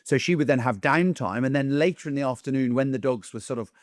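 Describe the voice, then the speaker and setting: A man's voice: medium pitch, quick pace, no echo, clean studio sound. A man, a dog trainer, talking casually to camera in a chatty way and acting out other people's lines in raised voices.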